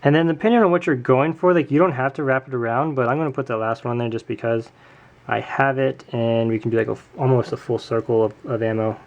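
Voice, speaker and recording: Chatty man with a gravelly voice. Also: mid-range voice, steady tone, quick pace, highs cut off. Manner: chatty, self-correcting, jokey asides. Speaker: tutorial host. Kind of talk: casual hands-on tutorial.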